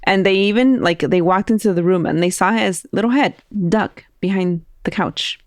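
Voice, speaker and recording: A woman hosting a podcast, telling a spooky story in a casual, animated way and acting out the voices of people in it. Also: medium pitch, normal speed, no room sound, studio quality. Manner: animated, laughing, acts out quoted voices.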